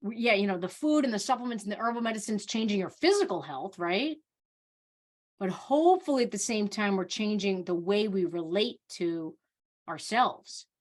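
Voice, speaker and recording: A woman doctor of Oriental medicine hosting a live Q&A over a video call, talking casually and animatedly, often restarting and repeating words. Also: mid-range voice.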